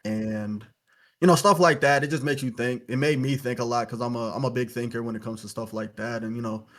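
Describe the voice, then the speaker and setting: A man's voice: medium pitch, fairly even intonation, a little fast. A young man from Louisiana, a podcast guest telling his story in a casual, reflective way, with lots of "you know" fillers.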